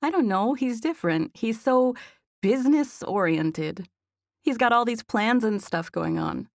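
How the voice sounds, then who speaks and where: A woman voicing an excitable, teasing young woman friend in an audiobook, higher and more gushing than her narration. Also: unhurried, no echo, studio quality. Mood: excited. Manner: high, eager and gushing.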